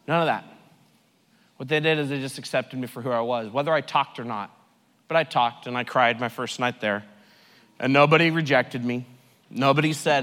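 A man preaching a sermon with personal testimony at a recovery ministry, swinging between loud joking and hushed, earnest delivery. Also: fairly high pitch, normal speed, long pauses, in a large hall.

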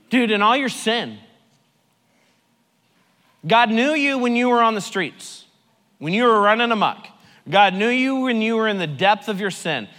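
A man in a recovery ministry preaches with a bright, slightly high voice, mixing his own story with scripture. His delivery is lively, loud and jokey one moment and hushed and earnest the next. Long reverb from a large hall trails each phrase. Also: a little slow, long pauses. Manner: animated, swings from loud joking to hushed earnest. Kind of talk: sermon with personal testimony.

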